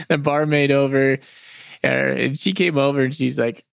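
A young adult man co-hosting a podcast, telling a story in a lively, chuckling way. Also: medium pitch, moderate pace, gravelly, clean tone, no echo, clean studio sound. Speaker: podcast co-host. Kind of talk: casual storytelling.

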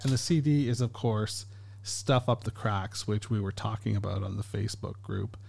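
A man's voice: lowish voice, moderate pace, creaky, darkish tone, slight background noise. A man hosting a podcast, rambling casually with many fillers and restarts. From Canada. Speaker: podcast host.

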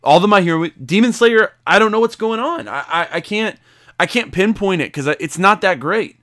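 A man co-hosting a casual podcast, talking in a slightly raised voice. He gets excitable and acts out his own loud reactions. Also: high voice, fairly quick. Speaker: podcast co-host.

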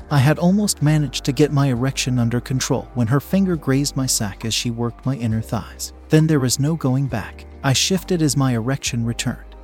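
Male storyteller, steady measured reading, mid-range voice, first-person narration. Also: medium pitch. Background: faint background music.

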